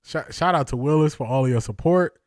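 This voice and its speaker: A man hosting a live watch-party stream, excitable and out of breath, laughing often and calling his viewers y'all. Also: fairly high pitch, a little fast, no room sound, clean studio sound.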